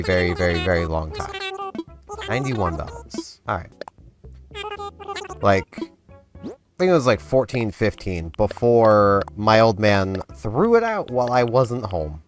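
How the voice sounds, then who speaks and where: A man casually rambling while commenting on his gameplay, his voice hoarse and not yet warmed up. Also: lowish voice. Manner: rambling, chatty, self-deprecating. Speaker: gaming video host. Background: game music.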